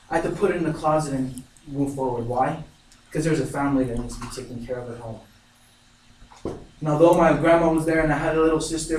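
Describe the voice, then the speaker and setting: Earnest young man in an echoey room. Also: a little high. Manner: earnest, emotional storytelling. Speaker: student speaker. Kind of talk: competitive narrative speech. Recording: echoey room, mic far off, faint noise.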